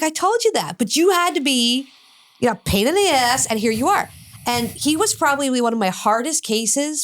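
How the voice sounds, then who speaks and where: A middle-aged woman who works as an addiction specialist tells a story during an interview, voicing both sides of the conversation with blunt, cursing energy. Her pitch is fairly high.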